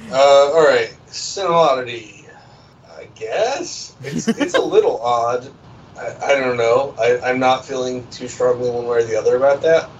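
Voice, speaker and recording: A man co-hosting a movie podcast, speaking in a hesitant, measured way and restarting his words. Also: medium pitch, lively intonation, far from the mic, muffled recording, slight background noise. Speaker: podcast co-host. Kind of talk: casual movie podcast chat.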